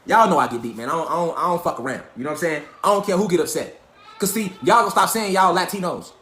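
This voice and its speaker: Speaking quickly in a bright, forceful voice on the high side, a man delivers an animated livestream lecture into a phone or webcam. He's an online lecturer, profane and emphatic, asking the same rhetorical questions again and again.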